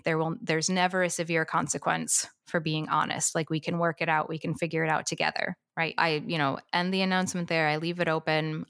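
A woman who co-hosts a podcast as a Montessori teacher, telling classroom stories in a calm, matter-of-fact way. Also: lowish voice, no room sound, studio quality. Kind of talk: casual podcast discussion.

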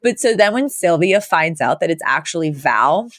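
A woman's voice: deep voice, very animated, normal speed, a bit bright, dry recording. Chatty woman podcaster, dry close sound. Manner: chatty, laughs often while retelling scenes. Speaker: podcast co-host. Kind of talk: casual TV episode recap chat.

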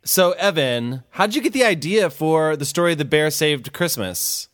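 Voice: medium pitch, expressive, measured pace, dry recording, studio quality. An adult host with an upbeat, encouraging manner, interviewing a young guest in a casual chat and laughing easily. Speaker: host interviewing a child author.

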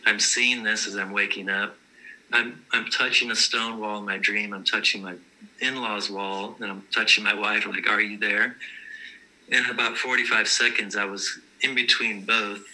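A man's voice: on the low side, level tone, normal speed, sharp tone, low-quality recording. A man telling personal vision stories in a casual, earnest, matter-of-fact way.

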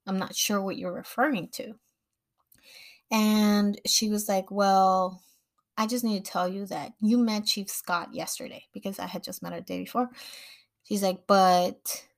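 Woman telling a lively personal story. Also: mid-range voice, measured pace. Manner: animated retelling, acts out quoted dialogue, laughs. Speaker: podcast host.

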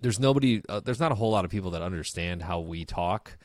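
A man's voice: deep voice, expressive, fast talker, dry recording. A man co-hosting a podcast, laid back and dry, reading listener comments in casual chat. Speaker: podcast co-host.

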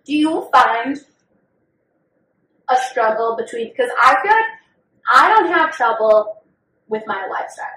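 A young woman, co-host of a podcast, chats casually and without a filter, cursing and oversharing about her life. She's expressive and measured, pausing often, in a sharp-toned voice on the high side. The recording sounds roomy from a distant mic.

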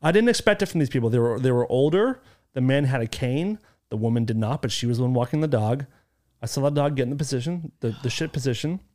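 Animated man with a lively voice. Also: medium pitch, fast. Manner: animated storyteller who shouts out quoted lines. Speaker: podcast host. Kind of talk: casual chat.

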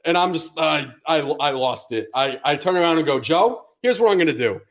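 A male podcast co-host spinning a story in a casual, swearing-heavy way, slipping into the voices of the people in it. His voice sits a little higher than most men's. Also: normal speed. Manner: profane, animated storyteller acting out dialogue.

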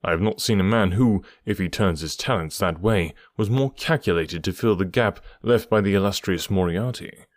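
Man doing a sharp detective, low voice, measured and dryly ironic, dry close sound. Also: no echo, lightly acted. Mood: probing. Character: brisk, sharp-witted male detective, dry and probing.

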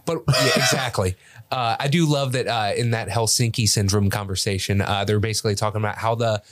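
A man's voice: fairly low pitch, fairly even intonation, fairly quick, no echo. A man co-hosting a casual movie podcast, recapping scenes loosely and swearing freely. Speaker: podcast co-host.

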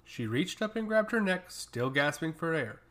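A man narrating a fantasy story with a steady, dramatic reading. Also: a little high, normal speed.

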